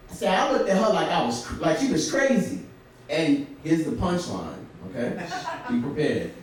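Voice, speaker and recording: Brief: young man from Brooklyn, lively storyteller onstage, voice rides high and roams, caught from off mic. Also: moderate pace, far from the mic. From Brooklyn, New York. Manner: animated, laughs through his telling. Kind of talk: live comedic storytelling. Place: theater stage before a live audience. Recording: very echoey theater, from off mic.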